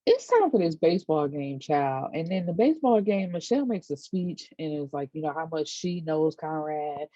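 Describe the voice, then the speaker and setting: A chatty woman recaps a TV episode from home, animated, acting out the characters' lines and breaking off for quick asides. Her voice sits low and mellow with a husky edge. The sound is dull and dry, like a plain home recording. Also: no room sound. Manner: chatty, animated retelling with acted quotes and casual asides. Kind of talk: casual chat.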